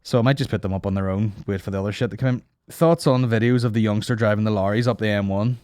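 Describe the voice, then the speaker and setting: A man hosts a comedy podcast in a fairly low voice, rambling through jokes and swearing freely. The sound is dry and close, with no room echo. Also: fairly even intonation, quick pace, darkish tone, smooth. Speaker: podcast host. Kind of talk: casual comedy banter.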